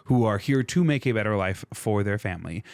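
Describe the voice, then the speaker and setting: Animated, sarcastic man on a dry mic. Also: lowish voice, brisk, no room sound. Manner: animated, sarcastic, swears freely, acts out quoted people. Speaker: podcast co-host explaining history. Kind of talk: casual podcast chat.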